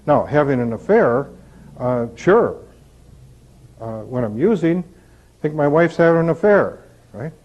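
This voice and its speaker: A man's voice: fairly high pitch, sing-song, unhurried, pauses often. A man giving an informal recovery talk, telling candid stories and tossing out rhetorical questions. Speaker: recovery speaker. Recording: dull lo-fi recording.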